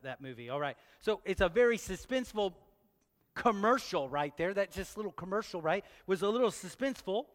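A pastor, preaching a sermon and joking with his congregation, asking them question after question. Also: on the high side. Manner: playful, talks straight to the congregation with questions. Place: church hall. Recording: long church hall reverb.

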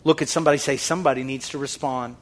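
A man preaching a sermon to his congregation, fervent and repetitive, dropping to a hush and then rising to loud shouted calls. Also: mid-range voice, steady tone, very fast. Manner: swings from hushed, near-whispered lines to loud shouted exhortation. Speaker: pastor.

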